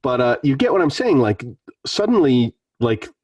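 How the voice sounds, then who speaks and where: A man's voice: medium pitch, big pitch swings, normal speed, a little mellow, no room sound, recorded from a distance. A man talking in a rambling, conversational way as a panelist in an online meetup. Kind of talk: casual online meetup discussion. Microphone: video call.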